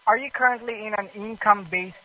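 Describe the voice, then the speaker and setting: A man making a telemarketing call, reading a scripted pitch with halting fillers and broken grammar. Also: bright, forceful tone, no echo, rough recording. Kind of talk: scripted sales pitch over the phone.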